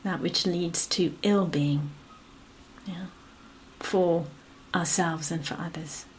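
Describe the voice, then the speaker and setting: A woman meditation teacher giving a gentle, unhurried dharma talk, her phrases often fading to a whisper and punctuated by a soft "yeah". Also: on the low side, fairly even intonation, slight background noise. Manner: frequent affirming "yeah" between phrases.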